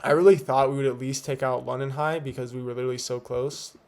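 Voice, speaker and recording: A man's voice: medium pitch, steady tone, quick pace, a little mellow. A young man giving a laid-back, slangy recap of his trading day, talking with a slight lisp from teeth whitening strips. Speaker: day trader. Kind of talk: casual trade recap. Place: home at night.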